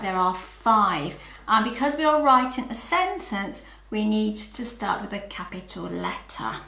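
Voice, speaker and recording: A woman's voice: mid-range voice, gravelly, sharp tone, roomy sound. A woman with a British accent teaching children phonics, patient and encouraging, sounding out letters one by one. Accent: British English. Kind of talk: slow, clear early-years phonics lesson.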